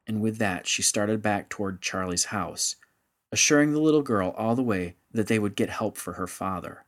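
A man narrating a story in a measured, steady audiobook style. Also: lowish voice.

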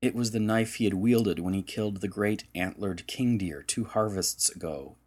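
A man narrating an audiobook chapter in slow, dramatic storytelling. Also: lowish voice, slightly rough. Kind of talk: scripted narration.

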